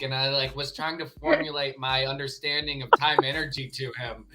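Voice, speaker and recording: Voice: mid-range voice, steady tone, fairly quick, few pauses, crowd noise. A speaker casually telling an anecdote and laughing along the way. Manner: storytelling, laughs while talking. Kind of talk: casual chat.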